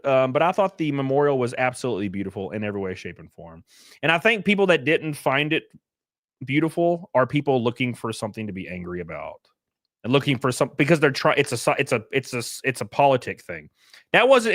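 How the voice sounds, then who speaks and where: A man's voice: medium pitch, a bit bright, dry recording, clean studio sound. A young man streaming casual commentary, reading chat messages aloud and reacting with swearing and laughter.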